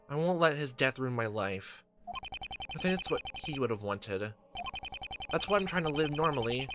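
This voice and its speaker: Man voicing a bubbly young woman. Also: on the high side. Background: game music.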